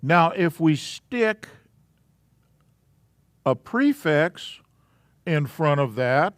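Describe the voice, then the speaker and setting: Male teacher, fairly high voice, slow and patient, leading a live class. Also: very animated, no echo. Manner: slow, patient, walking through letters step by step. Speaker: Hebrew alphabet teacher.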